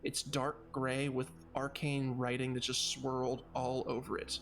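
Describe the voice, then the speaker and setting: A man running a tabletop role-playing game, calmly describing scenes and asking for dice checks. His voice sits at a middle pitch and his delivery is matter-of-fact. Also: a little slow, slight background noise. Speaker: game master.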